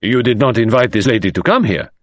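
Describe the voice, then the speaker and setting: A man's voice: mid-range voice, expressive, a little fast, no echo, studio quality, pitched above the performer's own voice, natural voice. A man reading an audiobook voices a stern, pompous older magistrate who speaks formally and sometimes turns sentimental.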